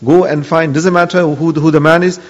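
A man's voice: on the high side, fairly even intonation, moderate pace, lightly acted. A man voicing a stern, commanding ship captain within a spoken story. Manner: barking orders. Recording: dull lo-fi audio with long hall reverb.

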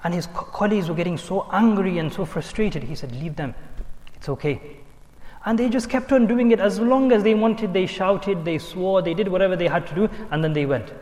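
A man's voice: sits high, brisk, few pauses, a little mellow, long reverb tail. A man preaching a sermon, telling stories and mixing in Urdu and Arabic quotations. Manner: storytelling, switching between English, Urdu and Arabic quotations. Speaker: Islamic preacher.

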